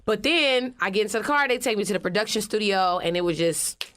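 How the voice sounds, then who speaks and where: A woman with an Atlanta accent, an interview guest telling stories in animated, profane, slangy casual talk. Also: mid-range voice, fast. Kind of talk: casual storytelling.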